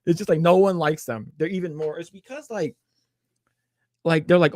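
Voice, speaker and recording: Animated man chatting on a podcast. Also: fairly high pitch, brisk, no room sound, studio quality. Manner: animated retelling with many fillers and put-on voices. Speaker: podcast co-host. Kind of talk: casual chat.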